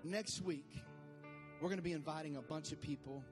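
A male pastor with a notably high voice delivers a sermon, talking easily to his church and then building into fervent, raised calls to the congregation. Music plays clearly underneath him the whole time. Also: moderate pace, in a large hall.

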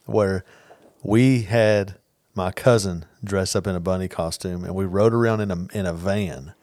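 A man co-hosting a casual podcast chat, telling stories in an earnest, animated way. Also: deep voice, measured pace, no room sound, studio quality. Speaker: podcast co-host.

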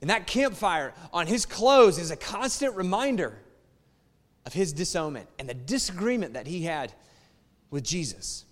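High-voiced man preaching in an echoing hall. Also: big pitch swings, moderate pace. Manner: emphatic, conversational, appeals to listeners. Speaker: pastor. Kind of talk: sermon. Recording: long reverb of a large hall.

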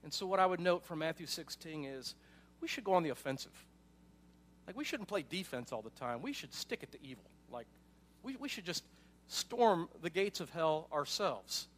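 Male pastor, high-pitched, casual conversational sermon delivery with asides. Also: lively intonation, brisk, fairly bright tone, slight background noise. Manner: conversational preaching with frequent asides and "right?".

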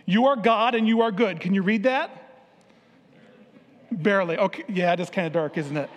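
A man's voice: sits high, normal speed. A male pastor preaching a sermon in a church, playfully drawing the congregation in with questions and jokes. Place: church sanctuary. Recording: reverberant church hall.

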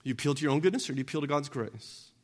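A man's voice: fairly high pitch, expressive, racing. A man preaching a sermon conversationally, asking the congregation questions, acting out quoted voices, stumbling and repeating words as he goes. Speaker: pastor. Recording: long reverb of a large hall.

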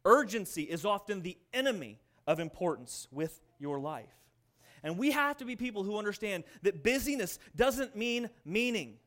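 A middle-aged man delivers a sermon to his congregation. His voice sits high for a man. He keeps it conversational and animated, acting out the voices in his stories. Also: normal speed. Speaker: pastor.

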